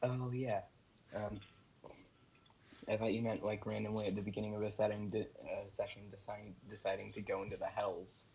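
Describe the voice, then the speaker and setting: A young man running a tabletop game speaks in a lowish voice, hesitant and full of fillers. Faint hiss and clicking sit behind him. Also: level tone, brisk, vocal fry, a little mellow, rough recording. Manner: hesitant, many ums and uhs. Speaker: dungeon master.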